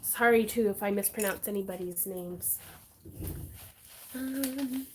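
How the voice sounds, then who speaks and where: A woman hosting a craft livestream, chatting casually in a bubbly, excitable way with frequent giggles. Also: medium pitch, normal speed, slight background noise.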